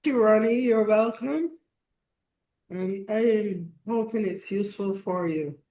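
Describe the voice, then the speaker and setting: Slow-speaking workshop host in echoey room. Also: medium pitch, mellow, a little hiss or hum. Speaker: masterclass host. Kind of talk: online workshop introductions. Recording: roomy echo.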